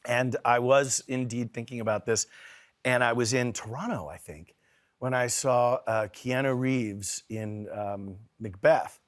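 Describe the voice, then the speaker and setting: A man's voice: medium pitch, steady tone, a little slow. Playful middle-aged man on a talk show. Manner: playful, self-deprecating, many fillers and restarts. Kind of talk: casual chat. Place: TV studio with audience.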